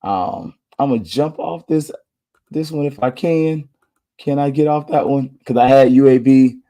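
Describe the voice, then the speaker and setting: At a measured pace, in a mid-range voice with a dark tone, this Orlando podcast host talks through his sports picks in a relaxed, slangy way, working things out aloud.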